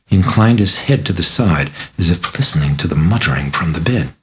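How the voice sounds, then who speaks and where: Very deep-voiced man reading an audiobook. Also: animated, a little fast, a little hiss or hum, low-quality recording. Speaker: author reading his book. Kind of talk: audiobook narration.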